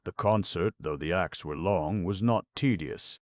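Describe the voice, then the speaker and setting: A man narrating a classic novel as an audiobook in a measured, expressive storytelling manner. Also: low-pitched, dry recording, studio quality.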